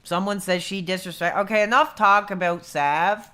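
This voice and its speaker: Man, 30s, livestream host; casual rambler, bright edgy tone. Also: high voice, normal speed, clean tone. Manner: rambling, laid-back, says dude a lot. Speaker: streamer.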